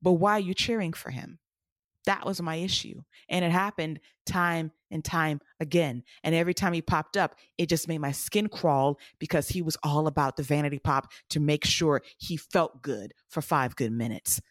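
A woman's voice: deep voice, moderate pace, no room sound, studio quality. Blunt, emphatic woman podcast co-host. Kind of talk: casual podcast chat.

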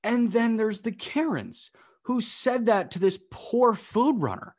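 A man's voice: high-pitched, slow. A young man co-hosting a sports podcast, telling a story in casual chat and acting out the voices of the people in it. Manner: animated storyteller, acts out quoted voices. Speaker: podcast co-host.

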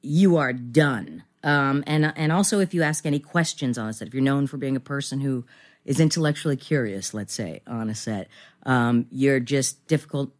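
A woman's voice: very deep voice, normal speed. Rambling self-deprecating woman in her fifties. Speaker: guest actress. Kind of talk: casual podcast interview.

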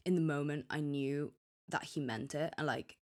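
Low-voiced young woman, rambling chat. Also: normal speed, a little mellow. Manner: rambling, full of restarts and acted-out quotes. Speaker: podcast co-host. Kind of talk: casual chat.

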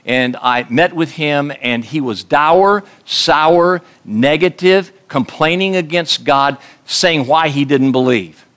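A man preaching an earnest radio sermon as a pastor, slowing down to stress key words. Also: on the high side, fairly bright tone.

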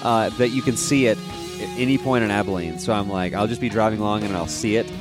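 A man's voice: on the low side, fast, music in the background. A man co-hosting a podcast in casual chat, rambling and laughing through his stories. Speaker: podcast co-host.

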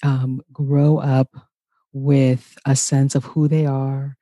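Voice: mid-range voice, flat delivery, slow, dark tone, no echo. An interviewer responding in an affirming, reflective way. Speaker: host. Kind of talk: warm supportive interview talk.

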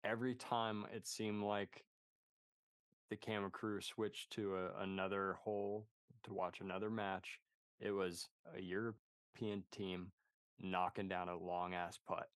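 A man's voice: low voice, little pitch movement, measured pace, no room sound. A man co-hosting a podcast in casual chat, laid-back and full of "dude" and "man". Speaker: podcast co-host. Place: podcast studio.

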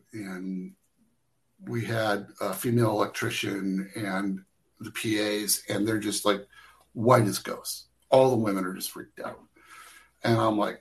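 Rambling man with a low voice. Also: fairly bright tone, low-quality recording. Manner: rambling, halting with many restarts and fillers. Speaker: camera operator guest. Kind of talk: casual storytelling interview.

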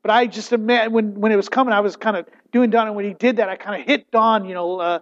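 A man preaching a sermon as pastor, animated and full of restarts. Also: high-pitched, fast talker, few pauses. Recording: dull, lo-fi sound.

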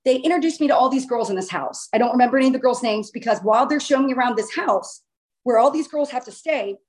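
A woman casually telling a long personal story in a chatty, animated way, with the odd swear word. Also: on the high side, fast talker.

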